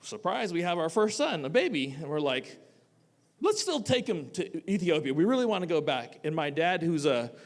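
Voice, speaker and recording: A man, a teacher, telling a personal story live on a theatre stage, animated and casual, swinging between loud bursts and quiet asides. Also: on the high side, moderate pace. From United States. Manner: casual, with frequent "like" fillers.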